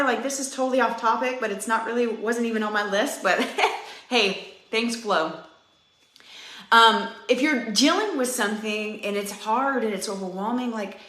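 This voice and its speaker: A woman's voice: on the high side, fairly bright tone. A woman in her thirties, a fitness coach, giving an earnest, chatty pep talk to her live-stream viewers and speaking right to them. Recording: roomy echo.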